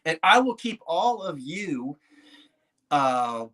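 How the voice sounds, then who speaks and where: Antiques dealer, male, excitable vlogger, chatty and prone to laughing. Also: fairly high pitch, slow pace. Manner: chatty, excitable, laughs often, talks to himself. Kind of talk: casual vlog talk to viewers.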